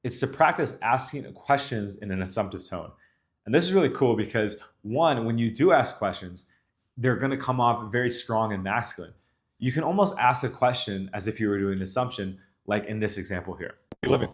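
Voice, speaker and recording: A young man coaching other men on dating, talking to camera in a confident, even tone that ends his sentences low. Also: fairly quick. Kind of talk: instructional talk to camera.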